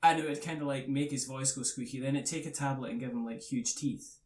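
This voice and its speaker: A man's voice: mid-range voice, steady tone, fast talker, darkish tone. Man, chatty, roomy sound. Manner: rambling, laughs often, jokey. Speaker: podcast host. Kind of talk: casual chat. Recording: roomy, mic far off.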